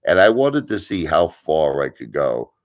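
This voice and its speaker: A middle-aged man with an extremely low, rumbling voice, hosting a live stream. He rants and tells stories bluntly, repeating his points for emphasis and swearing casually. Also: big pitch swings, unhurried. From Brooklyn, New York. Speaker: livestream host. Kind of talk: ranting storytelling live stream.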